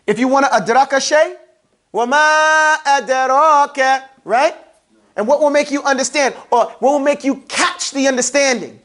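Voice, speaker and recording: A grammar teacher in a casual classroom lesson who keeps asking students questions and checking that they follow. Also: high-pitched. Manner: drawls out terms slowly to drill them.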